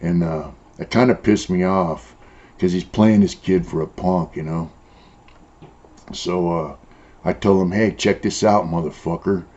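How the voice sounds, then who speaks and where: In an interview, an older former prisoner from San Diego, Southern California, recounts prison life in a low, mellow voice with a steady tone, measured pace, and frequent pauses. His casual storytelling is blunt, profane, and full of "uh" and "you know" fillers. The sound is dull and lo-fi.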